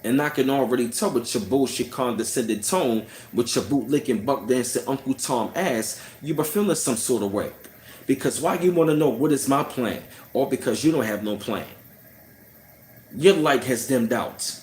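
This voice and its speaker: A man's voice: medium pitch, moderate pace, darkish tone, slight background noise. A man telling a personal story in a casual, heated rant, scornful and full of "you know what I'm saying". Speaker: channel host. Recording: roomy echo.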